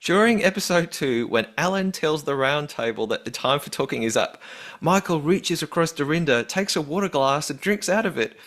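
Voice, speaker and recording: A man's voice: on the high side, lively intonation, normal speed, fairly bright tone. A man voicing a chatty Australian woman listener, reading her email aloud in an exaggerated, sing-song Australian accent. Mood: quizzical. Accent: Australian, put on.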